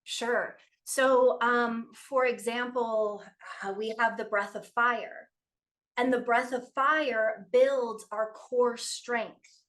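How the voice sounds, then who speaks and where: A Canadian woman, a yoga teacher, calmly explaining breathing practices as a podcast guest. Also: fairly high pitch, slow. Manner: calm, explanatory, steady guidance with frequent affirming replies. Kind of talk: podcast conversation.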